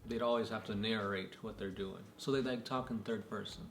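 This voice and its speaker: A man co-hosting a casual chat, talking in a relaxed, loose way with lots of fillers. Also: lowish voice, fairly quick, faint music behind. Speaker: podcast co-host. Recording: echoey room with faint noise.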